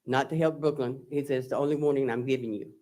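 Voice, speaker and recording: A woman testifying in court, speaking slowly and haltingly as she reads her messages aloud. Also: very deep voice, steady tone, dark tone. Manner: slow, halting, recounting texts aloud. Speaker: trial witness, defendant. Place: courtroom witness stand.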